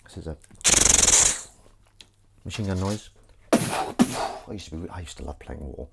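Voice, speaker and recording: A man's voice: a bass voice, a little slow, creaky, heavy background noise. A man chatting casually on a live stream while washing up in his home kitchen, rambling and joking at his own expense. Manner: rambling, jokey, self-deprecating. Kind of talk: casual chat. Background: clinking dishes and pans.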